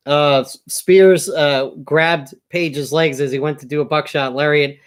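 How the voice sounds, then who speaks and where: A man's voice: a little high, steady tone, unhurried, smooth. Laid-back man recapping wrestling. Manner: laid-back, hesitant, many filler ums and uhs. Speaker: wrestling podcast co-host. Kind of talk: casual recap chat.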